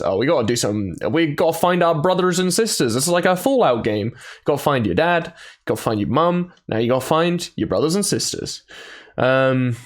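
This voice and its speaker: A man's voice: fairly high pitch, big pitch swings, moderate pace. A man giving casual, jokey let's-play commentary and reading game text aloud. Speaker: gaming YouTuber. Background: game soundtrack music.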